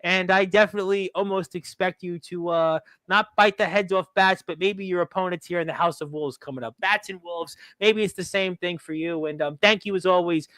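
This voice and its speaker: A man's voice: high voice, fairly quick, hardly any pauses, a bit bright, dry recording. A man hosting a talk radio show, rambling along with lots of "um" fillers.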